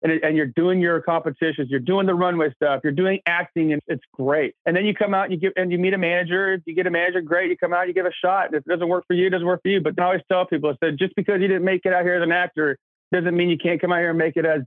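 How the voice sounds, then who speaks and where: A man from Kentucky, an actor, telling stories in casual chat, animated and acting out the voices of people he quotes. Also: high-pitched, very fast, no echo, phone-quality sound. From Kentucky, USA. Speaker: actor guest.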